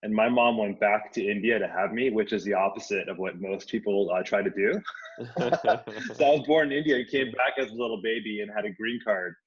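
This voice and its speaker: Male guest in his 40s, lowish voice, relaxed and hesitant, slightly muffled line. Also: brisk, breathy edge. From United States. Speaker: immigration attorney guest. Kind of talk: casual interview chat.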